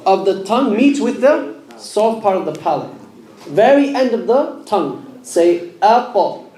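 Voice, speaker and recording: A man's voice: sits high, dark tone. A man teaching Quran pronunciation in a mosque class, sounding out letters and quizzing his students with questions. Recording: echoey room.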